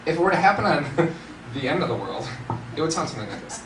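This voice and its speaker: Brief: young male stand-up, swooping bright delivery, caught from afar over room noise. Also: on the high side, fast. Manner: animated, laughing often, bursts of shouting. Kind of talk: stand-up comedy. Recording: roomy hall, distant mic, noisy.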